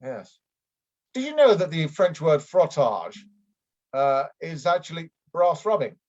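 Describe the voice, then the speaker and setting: A man's voice: a little high, big pitch swings, a little slow, darkish tone. A man playing a rambling, flustered lord. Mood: bumbling. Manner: rambling, hesitant, full of ums and restarts. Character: bumbling middle-aged male aristocrat, flustered and unfit. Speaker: improv performer. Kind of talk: improvised comedy scene. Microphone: video call. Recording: dull lo-fi video call audio.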